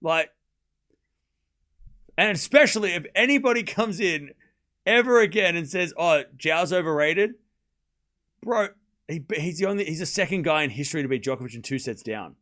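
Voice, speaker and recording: A man hosting a live tennis watchalong stream, calling points with excitement and chatting casually and bluntly with his viewers. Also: a little high, a little fast, long pauses. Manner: excited play-by-play, then ranting casually at chat. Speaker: stream host and tennis commentator. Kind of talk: live watchalong commentary with chat.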